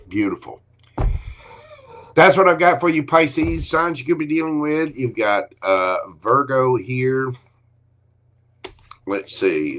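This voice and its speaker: A man's voice: lowish voice, fairly bright tone, a little hiss or hum. A man giving a live tarot reading in an upbeat, encouraging way, with frequent exclamations. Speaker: tarot card reader.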